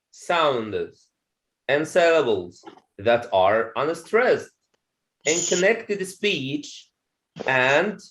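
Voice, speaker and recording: A man teaching a pronunciation lesson to a classroom of students, explaining slowly, repeating each point and checking in with "okay?". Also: fairly high pitch, fairly bright tone. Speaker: English teacher.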